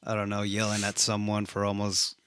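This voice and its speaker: A man's voice: fairly low pitch, completely flat delivery, fairly quick, a bit bright, smooth, no echo. A man casually recapping a film, laid-back and swearing freely. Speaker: movie reviewer. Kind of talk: casual chat.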